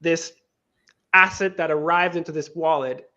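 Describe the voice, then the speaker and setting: A man from Venezuela with a somewhat high voice, guesting in a lively interview as a crypto lending co-founder, tells a story at normal speed. He keeps it casual, restarts sentences often and slips into quoted speech. The sound is dull and lo-fi.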